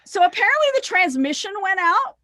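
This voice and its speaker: A bright, high-pitched woman spins a tour story with lively swings in her voice, acting out every quote she tells. She sounds close and dry, like a podcast guest on the mic, and swears casually as she goes. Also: brisk, no room sound. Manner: animated, acts out quotes, swears freely. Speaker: singer in a rock duo, podcast guest. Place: podcast recording.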